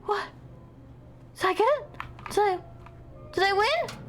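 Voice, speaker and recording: A young woman streaming a game live, excitable and dramatic, reacting out loud and swearing freely. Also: extremely high pitch, unhurried. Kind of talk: live gameplay commentary.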